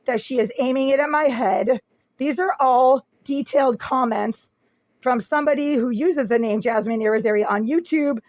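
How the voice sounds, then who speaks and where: A woman with a raspy, fairly high voice records a complaint video on a handheld phone in a small apartment room. She lays out every detail in an aggrieved, insistent way. The sound is close and dry, with no room echo. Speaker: vlogger. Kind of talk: first-person complaint video.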